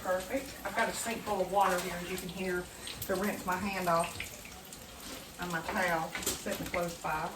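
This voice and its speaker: A woman's voice: on the low side, steady tone, moderate pace, background noise. Woman, home cooking vlogger, chatty and upbeat, recorded from a distance in an echoey kitchen. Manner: chatty, enthusiastic, talks to viewers as friends. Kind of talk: casual cooking demonstration.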